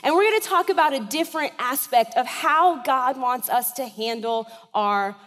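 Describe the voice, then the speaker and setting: A woman's voice: sits high, animated, normal speed, fairly bright tone, big-room sound. A woman in her thirties preaching a sermon in a church, with a conversational style that keeps checking in with the congregation. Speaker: pastor.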